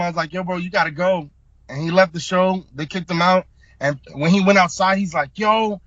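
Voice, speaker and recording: A young man from South Florida recounts a story in casual, slang-heavy talk, punching key words with emphasis. His voice sits a little higher than most men's. The sound is dull and bone-dry, as if recorded on modest gear in a deadened room. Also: a bit bright, no echo. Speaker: guest, hip hop artist.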